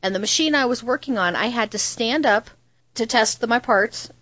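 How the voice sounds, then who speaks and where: A woman in a casual chat, telling an animated story from her workplace. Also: fairly high pitch, normal speed, no room sound. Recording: dry, dull lo-fi sound.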